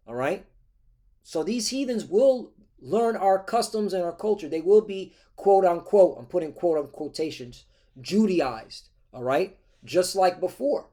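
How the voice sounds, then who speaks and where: Guy preaching off the scriptures, kinda high voice, keeps going "okay? all right?", combative. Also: warm tone. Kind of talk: scripture-reading sermon.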